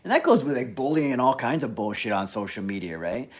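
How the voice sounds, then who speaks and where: Man, live-stream host, casual chat, blunt, swears a lot, animated rant. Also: mid-range voice, fast. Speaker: livestream host.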